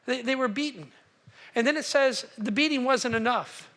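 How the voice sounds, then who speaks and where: A man preaching a sermon as pastor, telling a story with animated quotes and asking the congregation questions. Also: very high voice, moderate pace.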